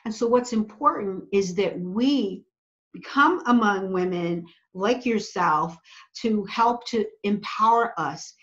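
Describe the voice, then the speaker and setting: Woman, podcast guest, preacherly, emphatic, repeats for stress, mid pitch, muffled lo-fi sound. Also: takes it slowly, fairly bright tone. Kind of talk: earnest conversational advice. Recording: slightly dull lo-fi audio.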